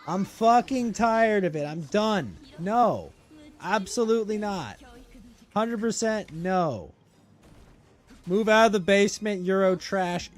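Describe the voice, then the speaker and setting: A man's voice: high-pitched, expressive, slow. A man hosting a casual stream, ranting and mocking in a crude, joking way with bursts of laughter. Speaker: streamer host. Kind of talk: casual livestream chat.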